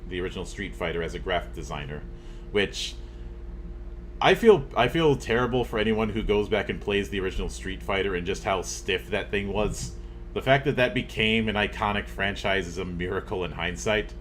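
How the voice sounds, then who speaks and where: A laid-back man hosting a casual gaming podcast, wry and given to rambling asides. His voice sits on the lower side. A faint noise hangs under his mic. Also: brisk, fairly bright tone. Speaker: podcast host.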